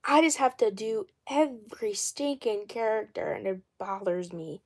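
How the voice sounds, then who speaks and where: A young woman in her twenties chatting casually on a livestream about the dolls she voices, rambling, correcting herself and often clearing her throat. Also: medium pitch, expressive, unhurried, darkish tone. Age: 20s. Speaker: doll series creator.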